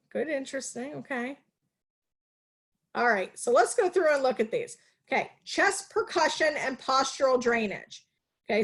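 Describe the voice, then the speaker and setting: A woman nursing instructor giving a live online lecture over a video call, energetic and teacherly, asking questions and answering them herself. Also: fairly high pitch.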